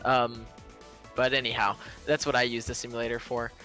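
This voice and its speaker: A man's voice: mid-range voice, normal speed, faint music behind. A man who is a drone racing pilot, talking casually on a livestream in an easygoing way with many fillers. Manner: relaxed, easygoing, with frequent fillers.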